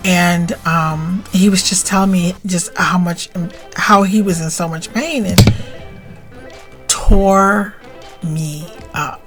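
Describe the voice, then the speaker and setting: A middle-aged woman telling a personal story on her video blog, swinging between plain recollection and tearful, animated outbursts. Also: slow, faint music behind. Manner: emotional, animated retelling with rising pitch and tearful outbursts. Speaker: spiritual vlogger.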